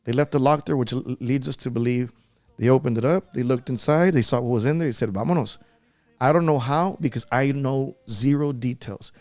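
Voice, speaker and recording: A man's voice: mid-range voice, brisk, a little mellow, dry recording. A man as a podcast guest, talking earnestly and repeating himself as he recalls an upsetting event. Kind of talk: emotional podcast interview.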